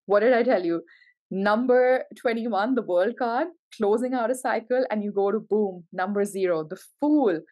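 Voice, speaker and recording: A woman's voice: mid-range voice, normal speed, highs cut off. A woman giving a tarot reading to camera, gushing and emotional, full of exclamations. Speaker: tarot reader.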